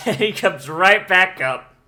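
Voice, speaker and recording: A man's voice: high-pitched, sing-song, slow, sharp tone. A man hosting an anime watch-along, reacting with profane, incredulous outbursts and running commentary.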